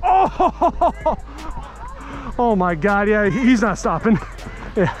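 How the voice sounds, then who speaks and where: A man vlogging from an outdoor softball game, excitedly calling plays, laughing and yelling. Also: high voice, slow, music in the background. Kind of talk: excited play-by-play vlog chat.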